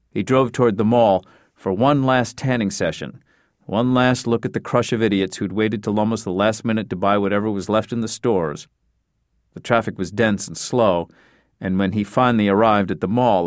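This scripted audiobook narration comes from a man with a somewhat low voice, delivered evenly and with measured storytelling pacing. The studio-quality recording has no echo.

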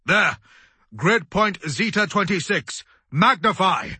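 A man voicing an imperious male fleet commander who barks sharp demands in an audiobook. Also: a little high, lively intonation, slow, creaky, slightly rough, no room sound, heavily acted. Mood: commanding.

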